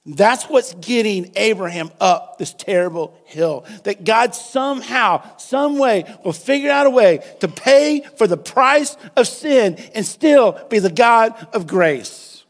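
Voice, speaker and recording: A pastor delivering an impassioned sermon. He swings from hushed, quiet stretches to loud, emphatic peaks. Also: high voice, animated, slow pace, few pauses. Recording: long hall reverb.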